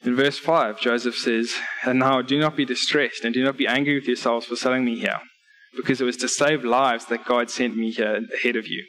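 Male preacher in a church service, delivering an earnest sermon with scripture readings and clear numbered points. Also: medium pitch, fairly even intonation, fairly quick, fairly bright tone, rough recording. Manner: earnest, direct appeals to listeners.

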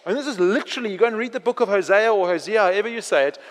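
High-voiced preacher in a reverberant hall. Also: male voice, very fast. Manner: animated preaching, acting out prayers, dropping to quiet intensity. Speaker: pastor. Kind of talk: sermon.

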